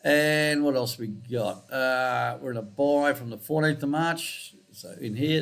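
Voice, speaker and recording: A man's voice: medium pitch, normal speed, creaky. A man walking through trading charts in a casual screencast, rambling and correcting himself, with muttered asides. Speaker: forex trading analyst.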